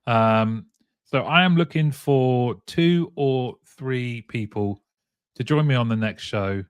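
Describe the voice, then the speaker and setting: A man's voice: medium pitch, slow, clear, resonant tone, no room sound. A man hosting a casual live-streamed talk show, chatting, reading out viewer comments and often chuckling. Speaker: show host.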